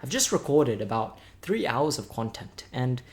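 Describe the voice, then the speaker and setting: A man's voice: medium pitch, big pitch swings, normal speed. A man, a bit tired, chatting upbeat as a chess content creator and thinking aloud while calling out and muttering his blindfold chess moves.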